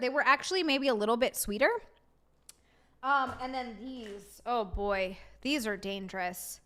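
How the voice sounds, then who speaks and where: Reading chat aloud and greeting viewers, a young woman streamer talks casually and rants with exasperation. She speaks in a higher, fairly bright voice.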